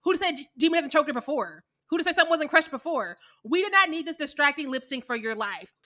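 A woman's voice: sits high, animated, quick pace, pushed and bright. A young adult woman co-hosting a podcast, chatting casually about films in an emphatic, sassy way, swearing freely and laughing often. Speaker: podcast co-host. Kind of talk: casual film chat.

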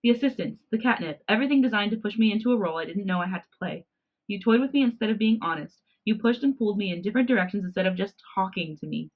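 Brief: woman reading as a defiant young male cat hybrid, indignant and sharp, voice a touch higher than her own, lo-fi podcast sound. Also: animated, fast talker. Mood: angry, accusing.

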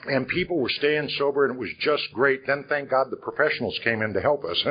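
A brisk, medium-pitched older man from Iowa shares his personal testimony at a recovery conference in a conference hall. He's frank and conversational, posing rhetorical questions, and the audio is dull.

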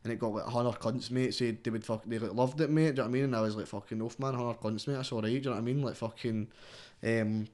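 A man's voice: mid-range voice, steady tone, fast, darkish tone. A young man with a Scottish accent, a guest rapper chatting casually, rambling and swearing constantly, tagging everything with "mate.". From Scotland. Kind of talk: casual interview chat.

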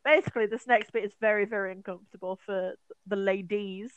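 A woman's voice: mid-range voice, brisk, muffled recording, slight background noise. A woman co-hosting a podcast, chatting casually as she recaps a horror film, swearing often and acting out the characters' lines. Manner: animated, profane, acts out the characters' lines. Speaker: podcast co-host.

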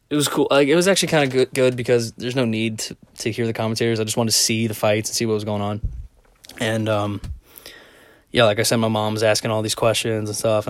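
A man's voice: medium pitch, dry recording. A young man talking casually in a rambling monologue, swearing often and filling gaps with "like" and "um". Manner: rambling, profane, lots of "like" fillers. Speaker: vlogger.

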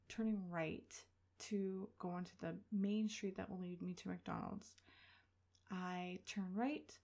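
Gravelly-voiced woman telling a story. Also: fairly low pitch. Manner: chatty, animated, full of "like" fillers. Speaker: podcast host. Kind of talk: personal storytelling.

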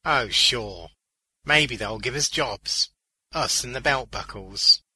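Joking male clown, read by a male narrator, animated and bright. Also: medium pitch, husky, no echo, voice pushed up, full character voice, rough recording. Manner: lively and quick with jokes. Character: restless, wisecracking adult male clown.

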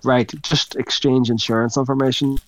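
A man's voice: mid-range voice, flat delivery, normal speed. Sweary man telling a story. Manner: rambling, sweary, laughs mid-sentence. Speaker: podcast co-host. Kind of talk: casual storytelling chat.

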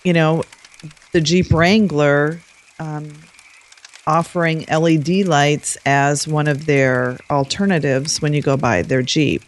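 A woman talking casually as a guest co-host on a podcast about her car, in an unhurried, chatty way. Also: low voice, steady tone.

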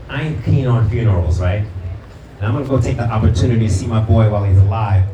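A man's voice: fairly low pitch, muffled recording, noisy background. A middle-aged male pastor from Brooklyn preaching to a live congregation in a loose, slangy storytelling way, stumbling over repeated words and calling out to the audience. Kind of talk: conversational sermon. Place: church hall with live audience. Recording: roomy, from a distance, crowd audible.

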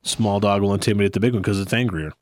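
Low-pitched guy hosting his podcast, laid back and rambly, dry close mic. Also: fast talker, dry recording. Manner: relaxed, rambling, laughs often. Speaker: podcast host. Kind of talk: casual chat.

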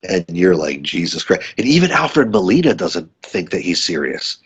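A man with a low, husky voice talks loosely and profanely about films, slipping into the lines of the characters he describes. The audio is a bit dull and lo-fi. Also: moderate pace, soft background music. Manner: profane, animated, acts out film scenes. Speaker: podcast host. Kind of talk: casual film review chat.

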